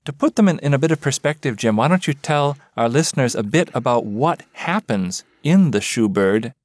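A male interviewer puts his questions in a measured, prepared way. His voice is lively, swinging up and down, and the sound is dry and close. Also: mid-range voice, no room sound.

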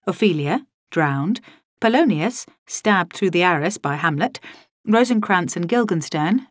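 A woman narrating a story in the first person, in a wry, lively storytelling manner, close to the mic. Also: lowish voice, no echo.

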